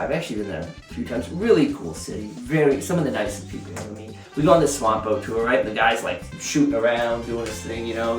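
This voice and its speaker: A man giving a casual, rambling whiskey review, telling stories with lots of fillers. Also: medium pitch. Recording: roomy, mic at a distance.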